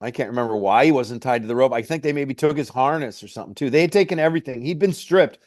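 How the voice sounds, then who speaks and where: A middle-aged mountain guide tells stories in a casual interview, speaking fast in a mid-range voice. He rambles loosely, constantly saying "like" and "hey, man." The sound is dry and close-miked, with no echo.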